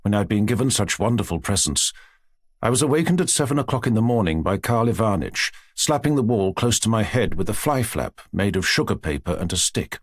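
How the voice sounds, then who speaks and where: Lively expressive male audiobook narrator. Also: lowish voice, no echo, clean studio sound. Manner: expressive, measured reading. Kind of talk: scripted narration.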